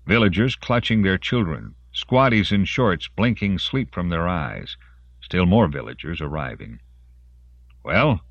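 A man narrating a story in an expressive storytelling voice. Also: low-pitched, unhurried, no echo, highs cut off. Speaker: audiobook narrator. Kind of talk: scripted narration.

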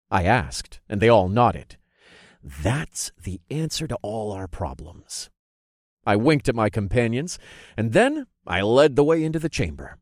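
Lively low-voiced male audiobook narrator. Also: dry recording, clean studio sound. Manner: expressive storytelling, voicing characters' lines. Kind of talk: first-person audiobook narration.

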